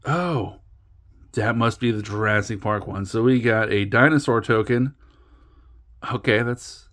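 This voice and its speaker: A man's voice: fairly low pitch, unhurried, long pauses, a bit bright. Rambling man opening card packs. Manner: rambling, self-mocking, stumbles over card names. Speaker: card-opening channel host. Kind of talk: casual pack-opening commentary.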